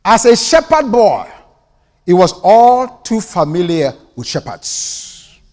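A man with a Nigerian accent preaching a sermon with passion, dropping to hushed asides and rising to ringing declarations. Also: high voice, sing-song, slow pace. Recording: long hall reverb.

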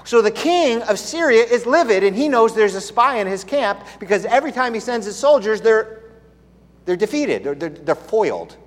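A man's voice: high voice, very animated, moderate pace. A man preaching a sermon in a conversational storytelling way, with playful asides. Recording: long hall reverb.

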